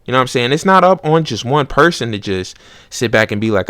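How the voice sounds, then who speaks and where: A man's voice: mid-range voice, lively intonation, a little fast, a bit bright, clear, resonant tone, no room sound. Man in a dry casual podcast monologue. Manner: conversational, street slang, acts out both sides of arguments. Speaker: podcast host.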